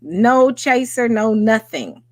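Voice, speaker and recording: A woman with a Southern US accent hosts a late-night livestream in an animated, chatty way, though she is tired after a day of work. Her voice sits fairly high and has a bright, lively tone. It is recorded close and dry on a home microphone. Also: slow pace, no room sound. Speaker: livestream host. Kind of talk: casual livestream chat.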